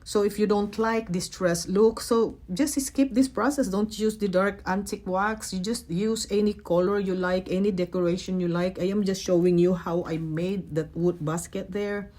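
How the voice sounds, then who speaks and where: A middle-aged woman narrating a casual craft tutorial in a chatty, gentle way, with frequent fillers and self-corrections. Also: mid-range voice, fairly even intonation, normal speed, hardly any pauses. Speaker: craft vlogger.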